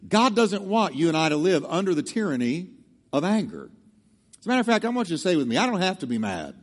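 A man's voice: sits high, in a large hall. A male pastor preaching a sermon emphatically, drawing the congregation into call-and-response. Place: church sanctuary.

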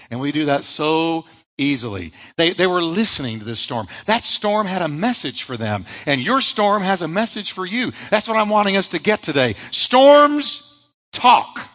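A man's voice: fairly high pitch, sing-song, normal speed, fairly bright tone, big-room sound, low-quality recording. A male pastor preaching a sermon, emphatic, asking rhetorical questions and answering them himself.

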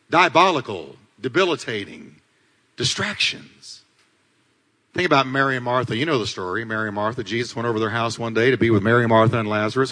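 Male pastor, dramatic sermon delivery, bright and animated, reverberant sanctuary. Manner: dramatic preaching, swings between loud climaxes and low asides. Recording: long hall reverb.

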